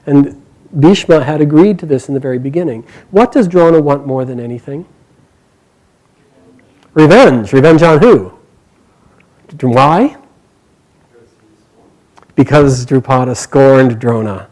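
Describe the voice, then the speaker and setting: A man telling an epic story live, animated and dramatic, sometimes correcting himself. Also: mid-range voice, unhurried, pauses often, rough recording.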